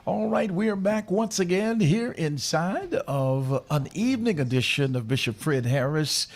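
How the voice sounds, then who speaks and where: A man hosting a faith radio show, chatting casually with many fillers and halting restarts. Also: on the high side, expressive. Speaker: radio host.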